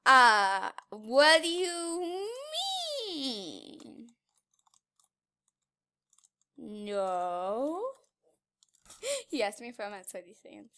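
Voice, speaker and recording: Giggly high-voiced woman gaming. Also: very animated, very slow, long pauses. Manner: giggly, playful, teasing, laughs often; swings between loud outbursts and quiet asides. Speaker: gaming YouTuber. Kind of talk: casual gameplay commentary.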